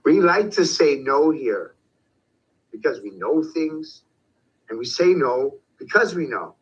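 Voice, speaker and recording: An online commentator launches into a profane, confrontational rant, shouting at times. His voice sits on the high side with big pitch swings, a slow pace, and slight roughness, all captured in dull lo-fi sound.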